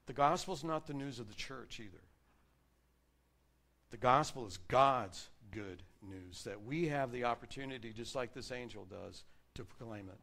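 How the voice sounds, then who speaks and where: Preaching a sermon, a man earnestly reads and explains scripture, raising and lowering his volume for emphasis. His voice is medium-pitched with some vocal fry.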